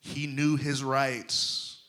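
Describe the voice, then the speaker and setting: Slow, bright-voiced male preacher. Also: mid-range voice, flat delivery. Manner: preaching with sharp swings from loud emphatic lines to hushed near-whispers; addresses the congregation directly, checking in with them. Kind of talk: sermon.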